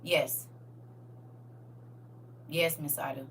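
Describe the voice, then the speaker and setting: A woman leads a live-streamed Bible lesson with a bright, forceful voice, her tears close to the surface. She talks to her viewers in a chatty, animated way, calling them baby and honey. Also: deep voice, very slow, recorded from a distance, a little hiss or hum. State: tearful, emotional. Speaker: Bible study host.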